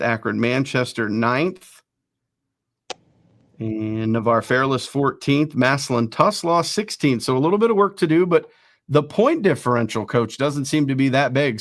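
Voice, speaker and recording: A male sports show host, reading down lists of rankings at a brisk clip. His voice sits at a middling pitch and is recorded dry and close, with no room sound. He throws in quick self-deprecating asides between entries. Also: dry recording. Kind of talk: casual sports talk show.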